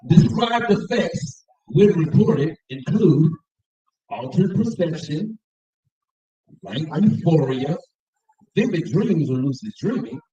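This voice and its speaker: A man teaches a scripture class, reading passages aloud and stopping to comment and have the room repeat after him. His voice sits high but sounds mellow. He is recorded from a distance in an echoey room with a dull, muffled tone. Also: expressive, slow. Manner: reads aloud and comments, call-and-response.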